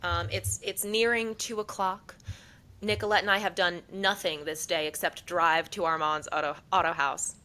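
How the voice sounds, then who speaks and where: A young woman co-hosts a podcast in casual chat, with a bright, forceful voice sitting a little low. She tells a long story animatedly, slipping into the voices of the people she quotes. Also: steady tone, normal speed, a little hiss or hum, rough recording. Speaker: podcast co-host.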